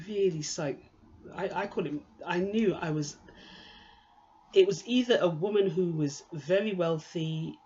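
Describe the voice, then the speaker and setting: A woman's voice: sits low, darkish tone, lo-fi sound. A woman giving an improvised personal monologue while sitting on a swivel chair, talking in a rambling, candid way full of restarts. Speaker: monologue performer.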